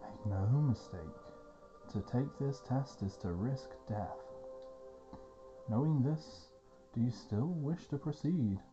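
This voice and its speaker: A man voicing an earnest male guildmaster, reading his formal lines with measured gravity. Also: medium pitch, highs cut off, music in the background, close to an everyday voice. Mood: grave.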